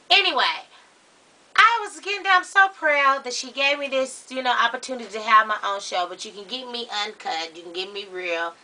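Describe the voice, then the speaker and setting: A man's voice: normal speed, bright, forceful tone, distant mic, heavily acted. A man playing a gossipy, sassy middle-aged Baptist woman, chatting dramatically to the viewers. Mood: chatty. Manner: chatty, dramatic, rising to shrill outbursts. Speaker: comedy character show host. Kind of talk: character comedy monologue to camera.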